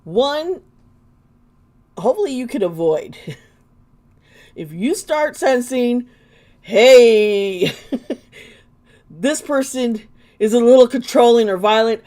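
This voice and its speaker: A woman's voice: on the high side, animated, slow, long pauses, mellow. A woman giving live tarot readings to viewers, chatty and blunt, often laughing as she talks. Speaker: tarot reader.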